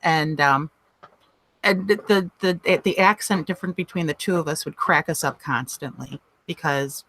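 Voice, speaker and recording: Chicago-accented woman guest, lower pitch, bright and tense, heavy sibilants, dry video-call sound. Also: moderate pace, dry recording. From Illinois. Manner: heavy S's, laughs easily. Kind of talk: casual chat.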